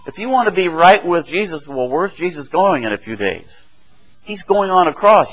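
A man's voice: sits high, animated, moderate pace, fairly bright tone, low-quality recording. Chatty man preaching a sermon. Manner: conversational, chuckling, asks "right?" often.

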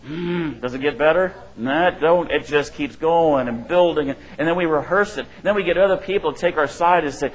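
Middle-aged male preacher, slightly higher voice, chatty sermon style that keeps asking "right?". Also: a little fast, few pauses, low-quality recording. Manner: conversational preaching, asks the room "right?", acts out quotes. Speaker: pastor.

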